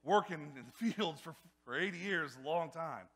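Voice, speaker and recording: A man's voice: a little high, animated, normal speed, a bit bright, slightly rough, long reverb tail, exaggerated voice. A man voicing a weary cow who bargains away half her working years. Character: a weary work-shy cow.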